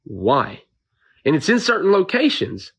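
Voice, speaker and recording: A man's voice: mid-range voice, expressive, moderate pace, fairly bright tone. An emotional man, venting in a frustrated, pleading rant about being told to stand down. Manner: frustrated, pleading, repeats himself. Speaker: volunteer with drones and trucks. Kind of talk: impassioned video rant.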